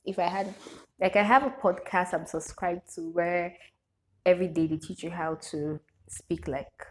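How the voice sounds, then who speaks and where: A young woman with a Nigerian English accent chats straight to camera, reading out questions and answering them one after another. Her voice sits a little low for a woman, and she breaks into laughter often. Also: moderate pace, slight background noise. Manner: chatty, reads questions aloud then answers with frequent laughter. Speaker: vlogger. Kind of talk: casual Q&A chat to camera.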